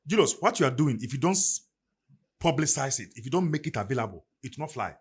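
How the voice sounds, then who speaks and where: A middle-aged man with a Ghanaian English accent talks on a podcast with emphatic, preacher-like force. His voice is husky and slightly breathy. His pitch swings widely as he builds each point. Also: expressive, fast talker. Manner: preacherly, emphatic, rising and falling delivery. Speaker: podcast guest. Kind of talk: motivational podcast talk.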